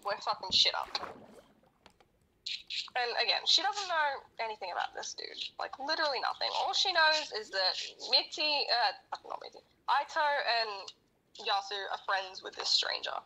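A woman's voice: fairly high pitch, expressive, normal speed, bright, forceful tone, low-quality recording. A woman co-hosting a podcast, retelling a story in casual chat. She rambles, laughs and swears heavily. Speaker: podcast co-host.

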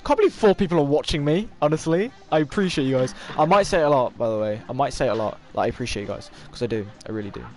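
A sixteen-year-old boy streaming a game, excitable and swearing, shouting at the game. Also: mid-range voice, racing, hardly any pauses. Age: teens. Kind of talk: live gameplay commentary.

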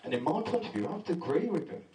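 Crude stand-up in a pub. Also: male voice, on the high side, big pitch swings, rapid-fire, warm tone. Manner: crude storytelling, acts out other voices. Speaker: stand-up comedian. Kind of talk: first-time stand-up set. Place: pub comedy night. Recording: echoey, noisy amateur pub recording from far off.

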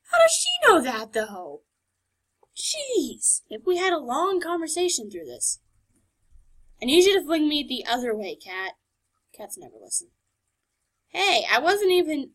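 Woman doing a let's play, high-ish bright voice, snarky and chatty. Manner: chatty, sarcastic, talking back to characters. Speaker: gamer.

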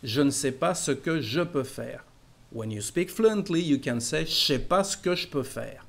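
A man's voice: on the high side, expressive, vocal fry. Patient man teaching. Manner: patient, repeating phrases slowly then fluently. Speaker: French teacher. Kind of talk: language lesson.

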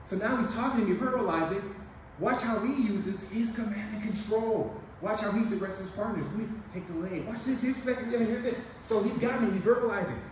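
An energetic man with a high-pitched voice, leading a hands-on demonstration lesson with emphatic calls to watch. The room is very echoey and he is some way off from the mic. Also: fairly quick, far from the mic, slight background noise. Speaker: police officer and instructor.

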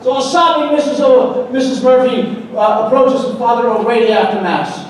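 A man's voice: extremely high pitch, fairly even intonation, normal speed, a little hiss or hum. A man emceeing a breakfast event, teasing guests and telling jokes to the crowd. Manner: teasing, jokey, addresses the crowd directly. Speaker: master of ceremonies. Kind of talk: joke-telling emcee patter. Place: large banquet hall at a breakfast event. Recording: echoey hall recording from far off.

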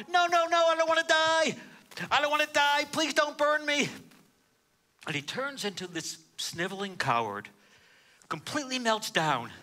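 Casting: animated male preacher, high and bright, dramatic storyteller. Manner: storytelling, dramatic swings from loud to hushed. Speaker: rabbi. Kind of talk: sermon.

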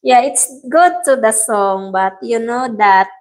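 A woman's voice: on the high side, slow, rough recording. A woman hosting a live stream, chatting casually, reading out viewer comments, thanking viewers by name and laughing often, with a strained throat.

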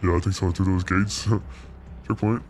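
A young man playing a laid-back slacker God, joking deadpan and rambling while gaming. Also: sits low, unhurried, a little hiss or hum. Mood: casual. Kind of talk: improvised comedy while gaming.

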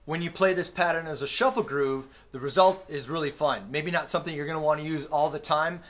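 A man teaching drums in a relaxed, friendly way, explaining patterns with small fillers and sung drum sounds, recorded on a camera mic in a practice room with a drum kit. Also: fairly high pitch, brisk, a little hiss or hum. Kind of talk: casual instructional talk. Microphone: camera-mounted recorder.

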